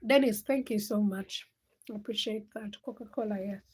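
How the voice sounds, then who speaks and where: A woman's voice: medium pitch, normal speed, a little mellow, slight background noise. A young woman hosting a casual late-night livestream, chatting and teasing viewers by name as she reads their comments. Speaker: livestream host.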